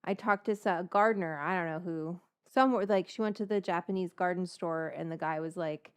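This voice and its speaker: A woman hosting a cooking vlog, talking in a rambling, animated way with many restarts and asides. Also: on the low side, brisk, hardly any pauses, clear, resonant tone. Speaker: cooking show host. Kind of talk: casual chatty cooking vlog.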